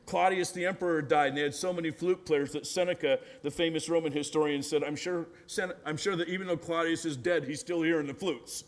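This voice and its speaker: A man's voice: fairly high pitch, steady tone, a little fast, hardly any pauses. Man preaching a storytelling sermon. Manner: storytelling, acts out quoted voices, frequent tag "right?"; drops to a hushed, gentle voice for tender moments. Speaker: pastor.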